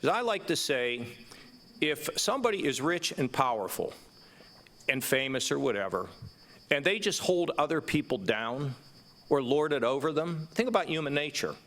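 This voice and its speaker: 60s guy on stage at a forum, worked up, keeps repeating himself, kinda high voice. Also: lively intonation, moderate pace, a bit bright. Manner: impassioned, emphatic, repeats words. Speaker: governor. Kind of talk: onstage conversation. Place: stage before a live audience.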